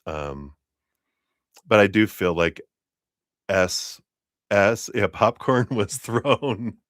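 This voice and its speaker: Tarot streamer, man, deep unhurried delivery, rambling with lots of ums and chuckles. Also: no room sound, studio quality. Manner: rambling, hesitant storytelling with many fillers and laughs. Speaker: tarot reader. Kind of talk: live-streamed tarot reading.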